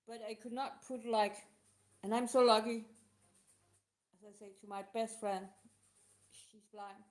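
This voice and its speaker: Emotional woman answering questions, halting. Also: on the high side, steady tone. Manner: halting, emotional, non-native phrasing. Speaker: live show host. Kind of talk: casual live talk answering questions.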